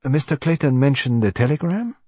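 A man voicing a polite, precise detective in an audiobook, asking formal, measured questions in a slightly husky voice. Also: mid-range voice, expressive, a little mellow, no echo, studio quality, voice pushed up. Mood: probing.

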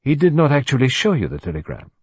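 A precise, formal older detective, as a narrator puts him on, measured and courteous in every question. The voice is a bit husky and moves through a lively range. Recorded dry and close. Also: male voice, medium pitch, no room sound, heavily acted. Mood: probing.

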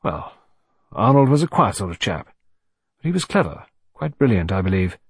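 A gruff middle-aged navy commander, as a narrator plays him, blunt and emphatic. The voice is a little husky, with lively rises and falls. Dry, close storybook recording. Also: male voice, on the low side, moderate pace, no room sound, exaggerated voice. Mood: musing.

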